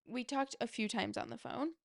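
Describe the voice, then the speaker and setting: A woman's voice: a little high, wildly swooping pitch, moderate pace, creaky, a little mellow, no echo, studio quality. A young adult woman hosting a podcast, telling a story in a chatty way, filling her talk with "like" and speaking straight to her listeners. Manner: chatty, heavy use of "like", addresses listeners directly. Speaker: podcast host. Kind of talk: casual storytelling.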